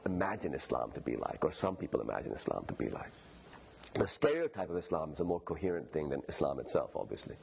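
Deep-voiced Pakistani English novelist lecturing. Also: male voice, a little mellow, breathy edge. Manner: explanatory, thinking aloud.

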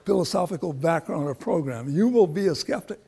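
An older man gives an informal lecture, answering students in a loose, anecdotal ramble. His voice sits a little high, with a gravelly fry and a husky, rough edge. He keeps restarting his sentences as he works toward his point. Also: expressive, brisk, dark tone. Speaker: professor speaking to students.

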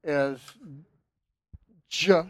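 An older man giving a university linguistics lecture, speaking haltingly with many fillers and restarts. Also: fairly high pitch, steady tone, a bit bright, dry recording. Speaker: linguistics professor.

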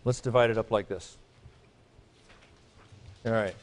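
A man's voice: on the low side, steady tone, measured pace. Man teaching a class, checking in often. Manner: conversational, checks in with "okay?", light asides. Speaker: Greek teacher. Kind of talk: classroom lecture.

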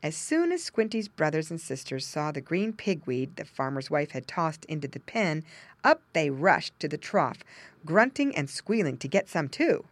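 A woman narrating a children's storybook, with gentle asides explaining things to young listeners. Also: deep voice, very animated, moderate pace, no echo. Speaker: audiobook narrator.

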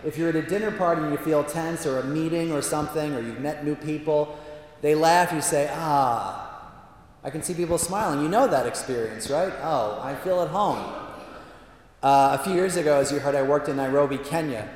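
A man who is a priest, telling self-mocking stories in a chatty way with lively asides during a talk to an audience. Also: fairly high pitch, moderate pace. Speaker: Jesuit priest giving a talk. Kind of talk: humorous storytelling talk. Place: large hall with a live audience. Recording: echoey hall from a distance.

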